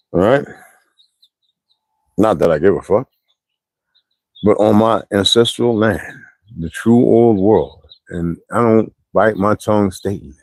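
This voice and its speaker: Fairly low in pitch and darkish in tone, this U.S. man speaks to his viewers without any echo. As a streamer, he spins meandering stories bluntly, swearing and leaning hard on slang.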